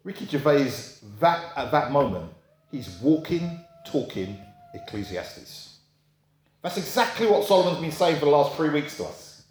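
A man's voice: big pitch swings, moderate pace, a little mellow, roomy sound. A man preaching a sermon in a conversational storytelling way, asking rhetorical questions and acting out quoted voices. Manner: acts out quoted voices in a high pitch.

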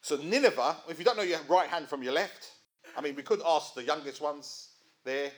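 A middle-aged man with a voice on the high side, at normal speed, preaches a sermon conversationally. He keeps asking his listeners rhetorical questions.

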